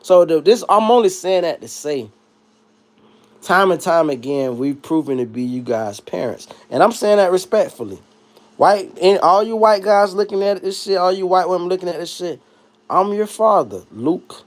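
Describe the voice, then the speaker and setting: High-voiced man ranting on a livestream. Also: moderate pace. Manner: animated, profane, joking rant. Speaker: livestream host. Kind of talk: casual livestream commentary.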